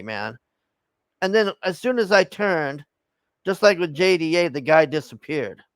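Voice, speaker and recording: A man's voice: a little high, fairly bright tone, no echo. A man telling an angry story in a heated, profane rant, tagging his lines with "man". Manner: heated, swears constantly, tags lines with "man".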